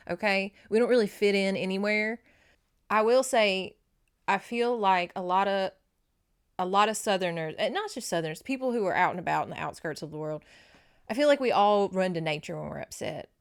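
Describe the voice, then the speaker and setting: A podcast host from North Louisiana with a Southern accent chats her way through a book recap, wandering into tangents and emotional asides. Her mid-range voice has a clean tone and a moderate pace.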